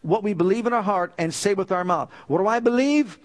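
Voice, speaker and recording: A man with a fairly high voice preaches a sermon. He declares scripture with emphasis and presses his listeners with rhetorical questions. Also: brisk.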